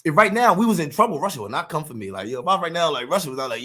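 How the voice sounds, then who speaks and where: Animated high-voiced man ranting. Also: racing. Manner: animated, profane street slang, acts out quotes. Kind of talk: casual monologue rant.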